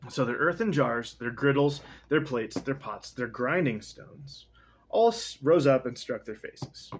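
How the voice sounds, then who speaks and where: A man's voice: medium pitch, lively intonation, a little slow, a little hiss or hum. A young man reading a text aloud and casually commenting on it, rambling, profane and often interrupting himself. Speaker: reader.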